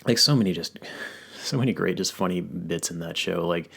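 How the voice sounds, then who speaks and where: A man's voice: deep voice, a little fast, gravelly, fairly bright tone, husky. A male podcast host chatting casually, rambling through long stories with lots of fillers and restarts. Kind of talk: casual chat.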